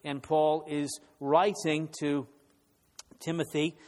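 Male preacher, emphatic, repeats key lines, fairly high voice, long hall reverb. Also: level tone, slow, a little mellow. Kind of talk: sermon. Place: conference hall.

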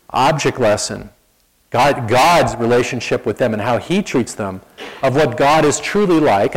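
A man preaching a sermon in a conversational, animated storytelling manner, often restarting his sentences. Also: medium pitch, rough recording. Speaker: pastor.

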